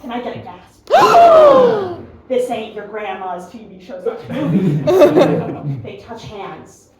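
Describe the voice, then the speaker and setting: A woman's voice: medium pitch, expressive, unhurried. A young American woman doing a stand-up comedy set, self-deprecating and chatty, often laughing at her own jokes. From United States. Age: young adult. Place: comedy club room with a live audience. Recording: echoey room, mic heard from a distance, noisy.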